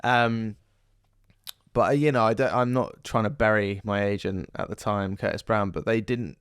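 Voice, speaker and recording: A man's voice: fairly low pitch, normal speed, smooth, no echo, clean studio sound. A man, an actor chatting as a podcast guest, telling rambling stories. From southern England. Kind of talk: casual interview chat.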